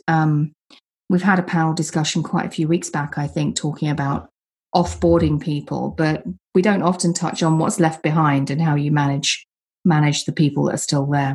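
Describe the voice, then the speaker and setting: A woman's voice: low voice, darkish tone, slightly rough. A woman hosting a podcast panel discussion, speaking in a friendly way with frequent restarts. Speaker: podcast host.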